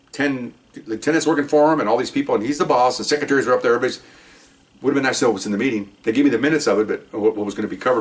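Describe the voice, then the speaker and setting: A man's voice: mid-range voice, far from the mic. An older man, a retired police officer, telling a rambling story and checking in with "okay?" as he goes. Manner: rambling, animated, keeps adding "okay?". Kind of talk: casual storytelling monologue.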